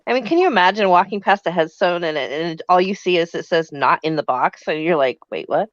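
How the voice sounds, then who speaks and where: A woman's voice: on the low side, animated, a little fast, no room sound, dull audio. A woman joking wryly in a casual chat with friends. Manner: wry, joking. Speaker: parent in group chat.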